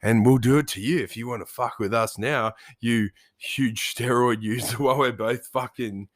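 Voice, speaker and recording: A man's voice: mid-range voice, normal speed. A young man with an Australian accent hosting a podcast, swearing constantly and laughing through crude casual banter. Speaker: podcast host.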